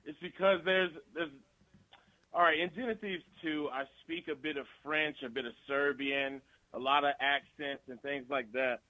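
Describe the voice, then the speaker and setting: A man's voice: on the high side, steady tone, normal speed, sharp tone, dry recording, highs cut off. A male guest actor in a casual radio interview, talking loosely and animatedly with frequent laughs.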